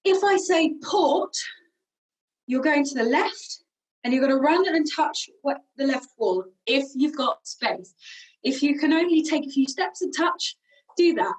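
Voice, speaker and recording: Unhurried yet energetic, a high-voiced British singing workshop leader walks around the room calling out moves for a warm-up game over video. She sounds slightly breathless, and the mic is distant from her.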